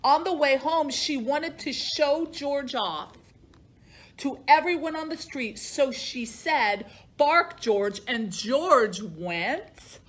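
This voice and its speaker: A woman's voice: sits high, slow pace. A woman librarian reading a picture book aloud to children, in a sing-song storytime voice that acts out the animals.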